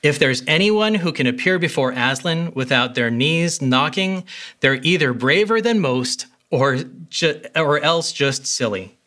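A man's voice: on the high side, expressive, a little slow, pushed and bright. A man voicing a motherly female talking beaver in a storybook reading, homely and knowing.

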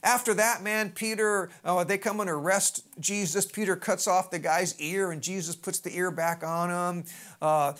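A preacher retelling a scripture story as a sermon, in a lively, folksy manner full of asides and big swings in pitch. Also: normal speed.

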